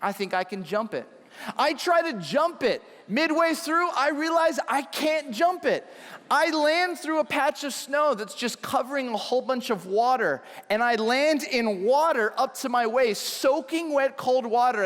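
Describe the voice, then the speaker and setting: A man in his thirties preaching a sermon, acting out his own story with lively shouts and hushed asides. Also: very high-pitched, measured pace. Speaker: pastor. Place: large church hall. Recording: long church hall reverb.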